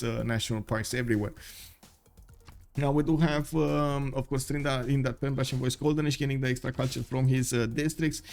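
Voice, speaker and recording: Man casting a strategy game, filler-heavy. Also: mid-range voice. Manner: many fillers, thinking aloud, bursts of excitement. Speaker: esports caster. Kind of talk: live game commentary.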